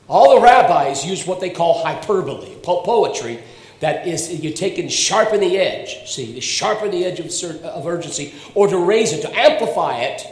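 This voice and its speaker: Animated man preaching in an echoey church. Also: a little high. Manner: animated, addresses congregation members by name. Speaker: pastor. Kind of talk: sermon. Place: church sanctuary.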